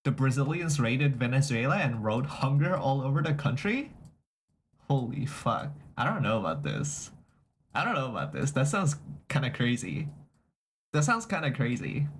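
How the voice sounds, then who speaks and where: A man's voice: mid-range voice, very animated, moderate pace, a little hiss or hum. Young man rambling on a livestream. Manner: rambling, repeats and restarts phrases; reacts to chat messages aloud. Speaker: streamer. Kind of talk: casual livestream chat.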